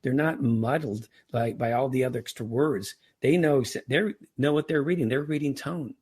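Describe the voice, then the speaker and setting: A man's voice: mid-range voice, moderate pace, darkish tone, slightly rough. A man as a podcast guest, talking earnestly and telling anecdotes in a conversational interview. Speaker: podcast guest, entrepreneur and author.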